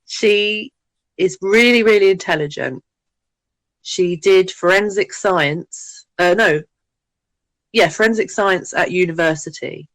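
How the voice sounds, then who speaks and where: A woman co-hosting a podcast, telling an animated story and laughing often. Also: fairly low pitch, slow pace, no echo. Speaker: podcast co-host. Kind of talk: casual chat.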